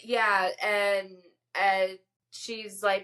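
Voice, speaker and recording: A woman's voice: mid-range voice, a little slow, a bit bright. A woman co-hosting a podcast, recapping a TV episode in casual, enthusiastic chat with many filler words. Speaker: podcast co-host.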